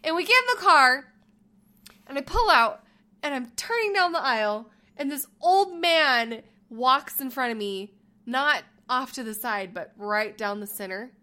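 A woman co-hosting a podcast, telling a story in a casual chat, animated and laughing, acting out the lines she quotes. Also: sits high, unhurried. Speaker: podcast co-host.

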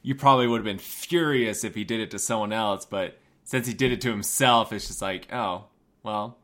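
A man's voice: on the low side, normal speed, fairly bright tone. A man in casual chat, chiming in with teasing quips.

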